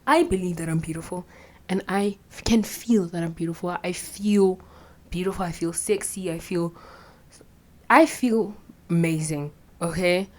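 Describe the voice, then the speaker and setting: A young woman, telling a candid personal story with plenty of swearing and quiet whispered asides. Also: lowish voice, measured pace. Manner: blunt and profane, drops into whispered asides. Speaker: vlogger.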